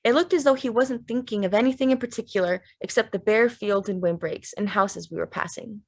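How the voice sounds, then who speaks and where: A woman narrating a literary audiobook in a steady, measured, plain way. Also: medium pitch.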